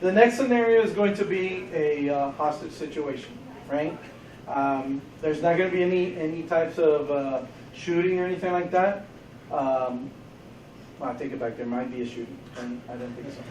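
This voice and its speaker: Male police trainer, high voice, casual joking briefing, echoey room, mic set far off. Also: moderate pace, a little mellow, slight background noise.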